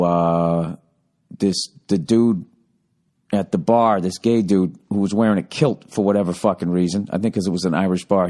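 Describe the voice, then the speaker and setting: A man's voice: on the low side, a little mellow. A man hosting a podcast, telling a comedic story in a profane, ranting way. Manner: profane, ranting, heavy swearing. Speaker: podcast host.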